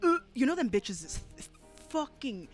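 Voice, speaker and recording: A woman's voice: high-pitched, moderate pace, soft background music. A woman streamer ranting in casual reaction commentary, swearing freely and often breaking into laughter. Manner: profane, animated ranting with frequent laughter. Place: home, rural area.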